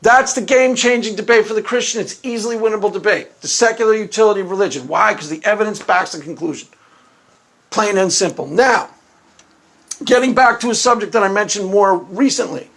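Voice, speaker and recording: A man's voice: high voice, brisk, fairly bright tone. A man hosting his own commentary video, talking in a loose, rambling monologue that repeats itself and laughs at his own jokes.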